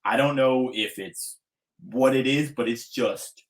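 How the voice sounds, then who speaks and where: A man's voice: medium pitch, unhurried. A man hosting a podcast interview, talking in an effusive, enthusiastic way, with hype-style introductions. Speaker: podcast host.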